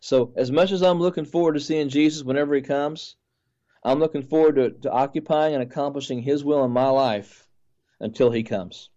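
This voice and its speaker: A man's voice: mid-range voice, fairly quick, dark tone, highs cut off. A man who is a pastor and a guest on the show, speaking earnestly and often repeating words as he talks. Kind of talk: sermon-like testimony.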